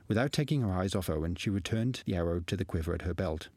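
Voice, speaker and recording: A man from the UK reading his own fantasy novel aloud in a steady, even storytelling voice, recorded in his home studio. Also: low voice, fast, few pauses, no echo. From United Kingdom. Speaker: author.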